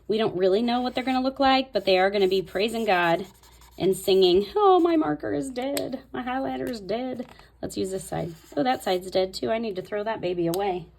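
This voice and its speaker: A woman's voice: medium pitch, a little fast, a little mellow. A woman host talking casually through a Bible tabbing tutorial, thinking aloud as she marks pages. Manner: chatty, thinking aloud while marking her Bible. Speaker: Bible study video host.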